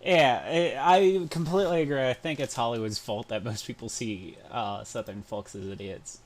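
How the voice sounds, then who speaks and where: Streamer, from pennsylvania, blunt earnest reaction chat, mid pitch. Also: moderate pace.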